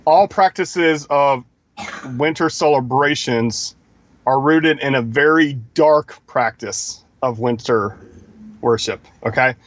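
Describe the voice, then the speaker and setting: A man's voice: mid-range voice, takes it slowly, no room sound, muffled recording. A man co-hosting a live stream, lecturing emphatically in casual talk. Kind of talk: casual talk-show commentary.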